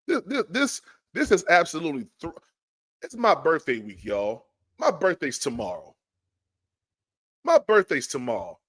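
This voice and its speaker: A man hosts a sports podcast, and his pitch sits high and leaps around as he rants. He sounds exasperated, tripping over his words and repeating himself, heated and animated throughout. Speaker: podcast host. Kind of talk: fired-up sports podcast rant.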